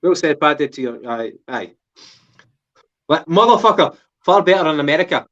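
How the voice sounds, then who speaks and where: A man's voice: on the high side, lively intonation, normal speed, a bit bright. A Scottish man co-hosting a casual football podcast, rambling with restarts and plenty of swearing. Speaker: podcast co-host. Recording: dull lo-fi sound.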